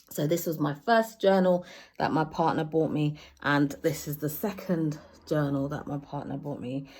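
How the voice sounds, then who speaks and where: A woman poet talking earnestly and openly emotionally to camera, restarting and correcting herself as she goes. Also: sits low. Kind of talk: personal talk to camera.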